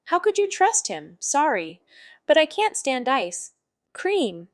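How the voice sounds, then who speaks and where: A woman's voice: high voice, big pitch swings, slow, dry recording, clean studio sound, exaggerated voice. A woman voicing a brash, foul-mouthed male jester wizard who narrates in a sardonic, rambling way.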